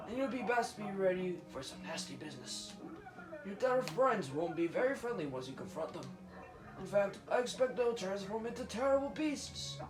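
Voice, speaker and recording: A man voicing a kind old kettle mentor, measured advice, slightly high voice, roomy sound. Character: wise elderly male kettle, kindly mentor. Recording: roomy room, game music behind.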